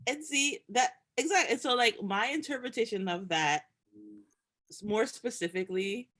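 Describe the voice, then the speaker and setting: A woman's voice: fairly high pitch, normal speed. Young woman podcast host, ranting, laughing a lot, super emphatic. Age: young adult. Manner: animated, laughs often, emphatic rants. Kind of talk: casual chat.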